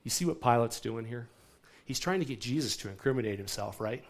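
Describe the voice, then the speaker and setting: A male pastor delivers a sermon in a church hall in a relaxed, conversational way. He speaks at an ordinary pitch. He often turns to his listeners with quick questions. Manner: conversational, asks the congregation "right?" often.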